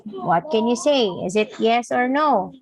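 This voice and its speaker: A woman's voice: fairly high pitch, animated, a little slow. A woman teaching an English lesson one-on-one, patiently coaxing her student and giving short praise. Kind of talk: online one-on-one language lesson.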